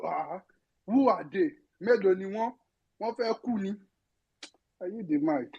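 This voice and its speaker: A woman's voice: medium pitch, animated, measured pace, vocal fry, a little mellow, breathy edge, muffled recording. A Nigerian woman with a Yoruba-inflected accent, giving a passionate, pleading political speech on a live audio space, swearing and close to tears. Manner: pleading, swearing, voice breaking with emotion.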